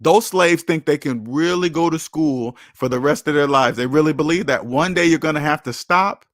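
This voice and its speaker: A man's voice: a little high, moderate pace, no room sound, clean studio sound. A man hosting a personal finance livestream who talks bluntly to his chat, lectures like a preacher and repeats his key phrases for emphasis. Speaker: personal finance channel host. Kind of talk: livestream talk answering chat.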